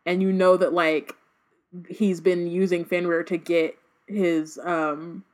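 Woman cohosting a book podcast, lowish voice, rambling and chatty with lots of um and like. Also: flat delivery, slow, a little mellow. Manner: chatty, many fillers, summarizing and reading passages. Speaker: podcast co-host. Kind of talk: casual book discussion.

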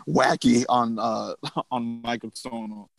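A man's voice: medium pitch, slow pace, gravelly. A man in casual music talk who chimes in playfully and laughs often.

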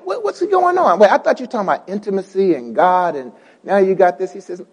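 A man preaching from the pulpit with a very high voice. He calls out to the congregation, circles back on his words, and builds to shouts. His voice rings with the long reverb of a church hall. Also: lively intonation, a little fast. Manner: call-and-response preaching, repeats words, rising to shouts. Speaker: pastor. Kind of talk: preaching a sermon.

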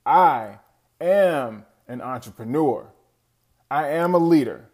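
An energetic man delivers a short podcast promo in a fairly high voice. He reads crisp slogans with punch. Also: slow pace. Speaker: podcast host giving a promo. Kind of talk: recorded promo.

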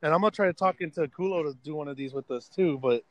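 A man's voice: fairly high pitch, fast, fairly bright tone, dry recording. A young man hosting a casual podcast, laid-back, swearing freely and calling his friend bro. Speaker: podcast host. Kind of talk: casual chat.

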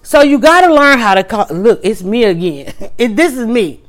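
A woman hosting a livestream, telling a story in a casual, animated way with quick restarts and emphatic asides. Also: fairly high pitch. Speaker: livestream host.

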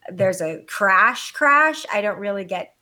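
An adult woman telling a story in casual chat, blunt and animated, swearing freely, with a condescending edge she admits to. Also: medium pitch, slow. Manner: self-described condescending.

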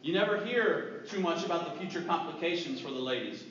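High-voiced preacher guy, earnest, goes quiet for the heavy parts, distant muffled church recording. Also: animated, a little fast, very echoey, a little hiss or hum. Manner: earnest storytelling preacher, drops to a hush for grave moments. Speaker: pastor. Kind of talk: sermon.

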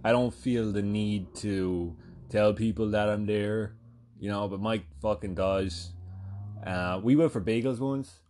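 A man with a fairly low voice tells a story on his podcast in a loose, rambling way. He swears freely and leans on fillers as he goes. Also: a little slow, a little mellow, slight background noise. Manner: rambling, profane, lots of fillers. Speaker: podcast host. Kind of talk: casual comedic storytelling.

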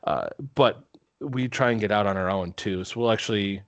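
A man's voice: lowish voice, moderate pace, no room sound. A man from Minnesota co-hosting a podcast, telling everyday stories in an easygoing, casual way. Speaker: podcast co-host. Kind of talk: casual chat.

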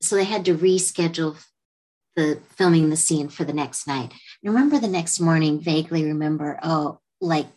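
A woman with a slightly low, husky voice recounts her past on a casual podcast. She talks candidly and loosely, with restarts and chuckles. She brings other people to life by briefly acting out their words. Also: moderate pace, a little mellow. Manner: candid, rambling, laughs often, acts out quotes. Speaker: podcast guest, actress. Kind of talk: casual storytelling chat.

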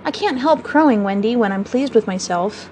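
A woman's voice: on the high side, expressive, moderate pace, a little mellow, a little hiss or hum, close to an everyday voice. Woman doing a cocky crowing young boy. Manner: crowing, careless.

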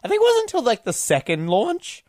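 A man's voice: very high-pitched, wildly swooping pitch, fairly quick, darkish tone, no echo, clean studio sound. A man co-hosting a film podcast, chatty and wry, full of "like" fillers. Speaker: podcast co-host. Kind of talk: casual film discussion.

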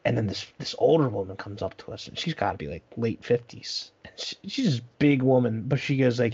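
A man's voice: medium pitch, expressive, fairly quick, husky, dull audio. A young man telling a long story in casual chat, rambling and profane, full of fillers.

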